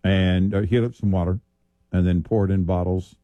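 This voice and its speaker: A man from Texas in casual chat, easygoing and quick to agree. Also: deep voice, steady tone, no room sound, dull audio. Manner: easygoing, many short agreements.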